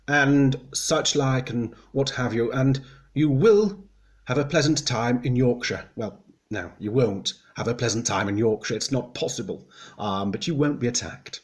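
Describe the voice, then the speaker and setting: A man giving a mock guide in a prim, genteel voice, dryly condescending and deadpan. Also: mid-range voice, measured pace. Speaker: comedian presenting a mock guide. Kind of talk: deadpan mock instructional comedy.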